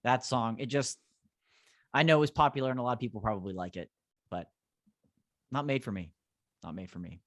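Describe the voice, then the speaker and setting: A man's voice: medium pitch, fairly quick, pauses often, fairly bright tone, dry recording, clean studio sound. A man co-hosting a casual podcast, teasing the others with a wry tone and laughing often. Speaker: podcast co-host. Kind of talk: casual chat.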